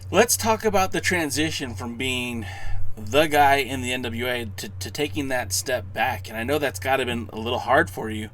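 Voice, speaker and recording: A man hosting an interview, asking questions in a quick, halting way. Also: medium pitch, a bit bright. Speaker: interview host. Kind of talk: casual interview talk.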